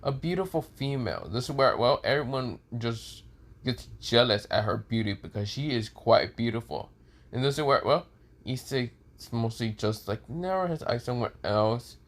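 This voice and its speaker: A man's voice: medium pitch, lively intonation, normal speed. A man improvising a fan story aloud, rambling with many fillers and restarts.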